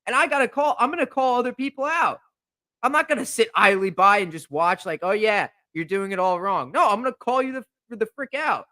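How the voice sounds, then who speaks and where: A young man rants on his podcast in a high, bright voice, indignant and fired up, looping back over his points. He speaks close into a podcast microphone, and the sound is dry and close. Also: animated, a little fast, no room sound. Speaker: podcast host. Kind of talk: heated podcast rant.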